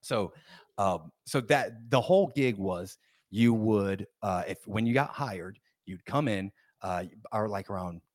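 A young adult man, a podcast guest, telling a story in casual chat, animated and rambling, with restarts and acted-out quotes. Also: lowish voice, measured pace, dry recording, clean studio sound.

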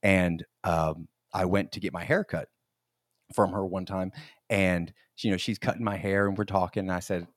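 A man's voice: fairly low pitch, a little slow, no echo, clean studio sound. A man in his forties hosting a podcast, telling funny stories in a casual chat, laughing often and acting out the quotes. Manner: animated storyteller, laughs often, acts out quotes. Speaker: podcast host.

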